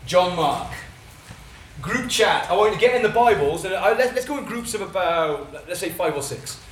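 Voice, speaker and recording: Fast-talking Welsh man in an echoey hall. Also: high voice, slight background noise. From Wales. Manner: fast, excited, with many fillers and restarts. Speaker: church training speaker. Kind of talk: teaching talk at a workshop. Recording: echoey room, mic at a distance.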